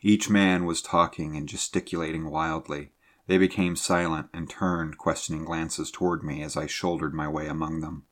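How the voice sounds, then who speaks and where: A man narrating an old sea adventure as an audiobook, in a measured, dramatic storytelling manner. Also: extremely low pitch, fairly even intonation.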